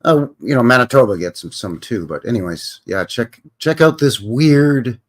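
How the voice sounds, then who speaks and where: A man's voice: medium pitch, expressive, normal speed. A man with a Canadian accent, hosting a livestream in a rambling, chatty way and often correcting himself. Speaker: host. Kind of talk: casual livestream commentary.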